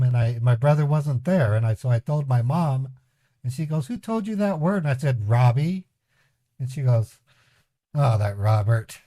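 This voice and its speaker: A man's voice: medium pitch, darkish tone, no echo. A man hosting a scambaiting livestream, telling rambling family anecdotes to his chat with a chuckle and voiced quotes. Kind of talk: casual storytelling to a live chat.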